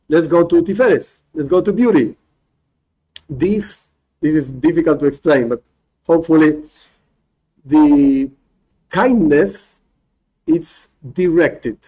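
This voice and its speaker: A male rabbi teaching a spoken class, animated, often restarting phrases and acting out examples. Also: fairly high pitch, rough recording.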